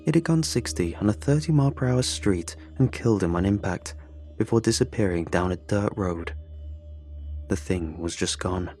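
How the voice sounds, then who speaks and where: A man's voice: sits low, lively intonation, normal speed, mellow, faint music behind. A man narrating a first-person horror story in a tense, confessional way.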